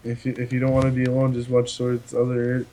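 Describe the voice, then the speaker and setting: A man chatting casually as a guest on a livestream, talking in a hesitant, halting way. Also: medium pitch, monotone, dark tone, rough recording. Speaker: stream guest. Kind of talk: casual chat on a call.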